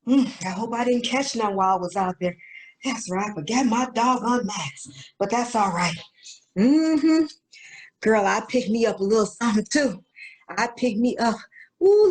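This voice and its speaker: A woman's voice: on the high side, expressive, normal speed, natural voice, poor audio. A woman playing a sassy bragging young looter. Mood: boastful. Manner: boastful, slangy, drawling exclamations. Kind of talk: comedic skit.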